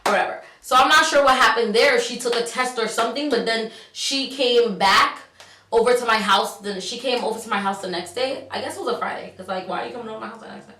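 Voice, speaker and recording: A woman's voice: on the high side, quick pace, distant mic, a little hiss or hum. A young woman telling a story in casual, slangy vlog talk, acting out the dialogue. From New York. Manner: animated, slangy, acts out dialogue. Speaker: vlogger. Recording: roomy, set back from the mic.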